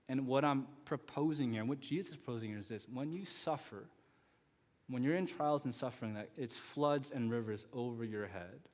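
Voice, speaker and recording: Chatty man preaching in a reverberant sanctuary. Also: mid-range voice. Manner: conversational storytelling with frequent asides. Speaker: guest pastor. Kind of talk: sermon. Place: church sanctuary.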